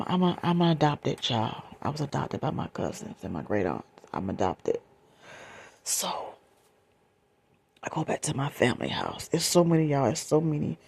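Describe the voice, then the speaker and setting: A woman shares a personal story for ASMR, drifting between a breathy whisper and soft speech. She takes it slowly and speaks straight to her listeners, with a husky, airy edge to her voice. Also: deep voice. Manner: confiding, emotional, repeats phrases, addresses listeners directly.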